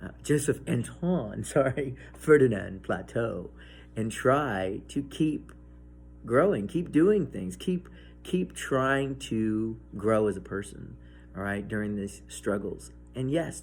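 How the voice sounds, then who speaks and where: A man hosting a casual science demonstration and pep talk, excitable and enthusiastic, often breaking into laughs. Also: medium pitch, takes it slowly. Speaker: science video host.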